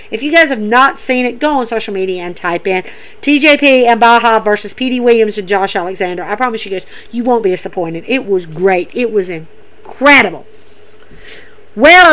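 A woman hosting a casual wrestling recap, gushing and excitable, talking straight to her listeners. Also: high-pitched.

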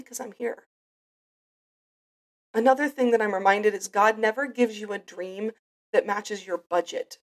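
A woman's voice: medium pitch, darkish tone. Earnest woman hosting a faith podcast. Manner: earnest, reflective, with frequent restarts. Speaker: podcast host. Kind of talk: personal faith podcast monologue.

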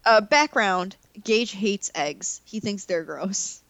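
A woman's voice: mid-range voice, animated, slow pace, a bit bright, dry recording. A woman co-hosting a podcast, recapping a movie in playful, giggly casual chat. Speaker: podcast co-host.

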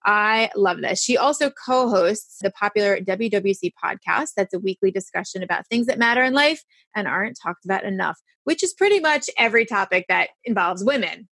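A woman in her forties hosting a casual chat, frank and animated, swearing freely and laughing often. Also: medium pitch, fairly quick, hardly any pauses, no room sound. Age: 40s. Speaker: podcast host.

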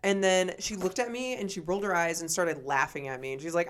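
A woman's voice: lowish voice, a little fast, clear, resonant tone. A young woman co-hosting a podcast, chatting casually and ranting bluntly with plenty of swearing. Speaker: podcast co-host. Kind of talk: casual chat.

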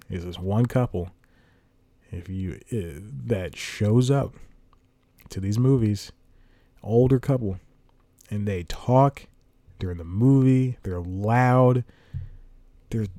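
A man's voice: on the low side, mellow, no room sound. A young man hosting a solo podcast, chatting casually and rambling, correcting himself and chuckling as he goes. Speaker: podcast host.

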